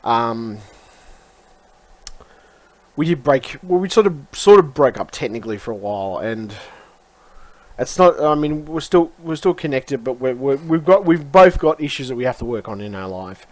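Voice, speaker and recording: Man, casual vlog, rambling, frustrated, swearing, mid pitch. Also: sing-song, moderate pace, dry recording. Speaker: YouTuber.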